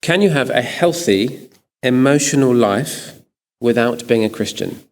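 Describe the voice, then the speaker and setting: Male moderator, mid pitch, brief and businesslike, echoey hall. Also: animated, unhurried. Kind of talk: reading out questions.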